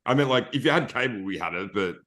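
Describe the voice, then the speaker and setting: Australian man, podcast guest, chatty and rambling, mid-pitched. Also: expressive, fast talker, fairly bright tone. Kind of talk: casual podcast chat.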